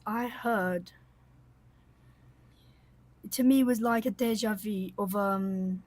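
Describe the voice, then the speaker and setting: A woman host chatting casually with her viewers on a livestream, rambling warmly with many fillers and little laughs. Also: mid-range voice, no echo. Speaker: coloring channel host.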